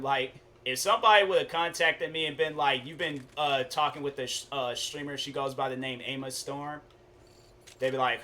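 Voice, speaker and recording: Bright-voiced laid-back young male streamer. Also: mid-range voice, a little hiss or hum. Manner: laid-back, chatty, storytelling with slang. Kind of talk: casual gaming stream chat.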